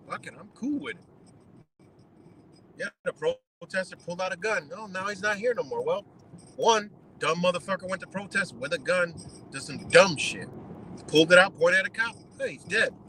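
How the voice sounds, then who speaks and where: A man's voice: high-pitched, bright, forceful tone, a little hiss or hum, rough recording. Blunt, profane man ranting on a stream. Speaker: live streamer. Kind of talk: ranting live stream commentary.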